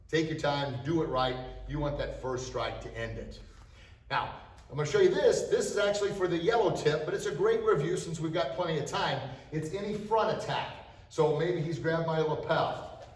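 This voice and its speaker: Middle-aged male martial arts instructor, lively coaching, a bit higher voice, heard from across an echoey studio. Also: distant mic, slight background noise. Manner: energetic, shouts sharp strike cries. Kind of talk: demonstrating self-defense to students.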